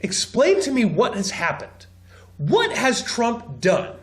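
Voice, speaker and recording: A man giving mocking political commentary over a video clip, sarcastic and rising into high mock-crying tones. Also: wildly swooping pitch, slow pace.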